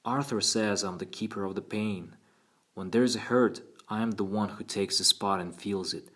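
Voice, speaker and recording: Man voicing a scared eight-year-old boy, timid and halting, on a deep voice. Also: a bit bright.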